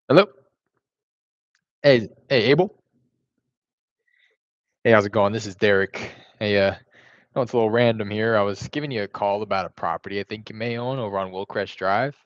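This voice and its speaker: A man's voice: lowish voice, dry recording. A man making casual real estate cold calls from home while making lunch, talking in a laid-back, conversational way with lots of fillers. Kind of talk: casual livestream chat and phone calls. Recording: slightly dull, dry recording.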